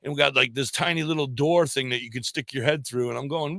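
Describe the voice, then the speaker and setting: A man guest on a podcast telling a story in a casual, animated way, acting out the voices of the people in it. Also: medium pitch, fast, gravelly, no echo. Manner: animated storyteller who acts out quoted voices. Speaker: volunteer fire police.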